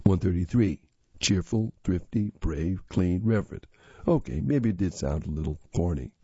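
Guy reading a kids story out loud, lowish voice, steady and expressive, dry kinda lo-fi sound. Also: moderate pace, husky, no room sound. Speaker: narrator. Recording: slightly dull lo-fi audio.

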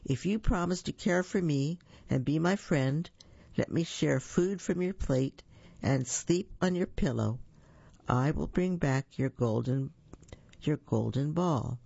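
A man voicing a persistent croaking frog. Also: on the high side, slow, darkish tone, no room sound, full character voice. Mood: insistent. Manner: sing-song, insistent. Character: ugly speckled male frog, persistent. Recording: dull lo-fi recording.

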